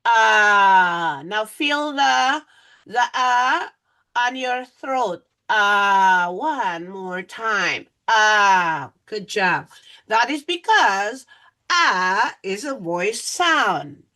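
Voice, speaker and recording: A woman's voice: on the high side, lively intonation, very slow, pushed and bright. A woman teacher giving a phonics lesson to young children, patient and repetitive, often saying "all right".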